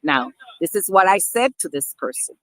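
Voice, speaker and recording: A woman's voice: medium pitch, animated, normal speed, no room sound, low-quality recording. A woman vlogger talking earnestly to camera, emphatic and repeating herself as she addresses her viewers as people. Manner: repeats and restarts phrases. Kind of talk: casual talk to camera.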